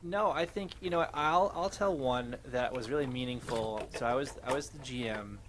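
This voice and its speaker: A man who runs tabletop games, recalling a campaign story in casual podcast chat, pausing to find his words. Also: mid-range voice, a little hiss or hum. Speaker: podcast co-host or guest, game master.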